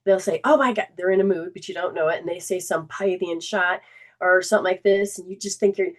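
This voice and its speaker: A spiritual healing coach hosting a self-help talk speaks fairly quickly in a voice on the low side. She's earnest and conversational, often restarts her sentences, and briefly acts out remembered conversations in lively voices.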